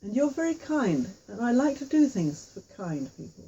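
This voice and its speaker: A woman's voice: a little high, very animated, normal speed, warm tone, lo-fi sound. A woman voicing a kindly old woman, maybe a witch, in a crackly, soothing way for children. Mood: gentle.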